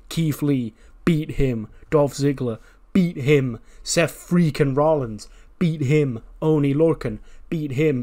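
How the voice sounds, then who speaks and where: A man voicing a cocky male wrestler who brags loudly and talks trash. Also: medium pitch, lightly acted. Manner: swaggering, loud bragging.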